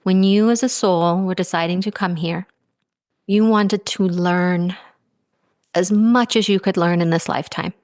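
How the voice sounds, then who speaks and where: A woman podcast host guiding a guest through a gentle coaching conversation, soothing and affectionate, often drawing out her phrases. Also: on the low side, no echo, studio quality.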